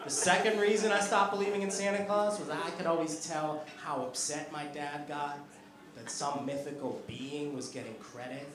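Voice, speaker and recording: A male stand-up comedian telling family stories in an animated way, laughing at his own jokes, on a comedy club stage. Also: on the high side, normal speed, very noisy. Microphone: handheld stage microphone. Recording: echoey club with loud crowd.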